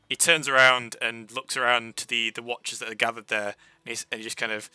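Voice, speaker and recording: A man's voice: mid-range voice, level tone, fairly quick, few pauses, sharp tone, clear, resonant tone, dry recording. A man narrating a tabletop role-playing game as game master, with many hesitations and fillers.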